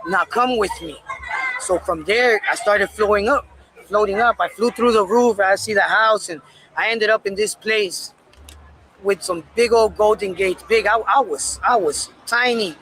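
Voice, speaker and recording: A man casually telling a personal story in a candid, profane, animated way. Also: high voice, moderate pace, a little hiss or hum, rough recording.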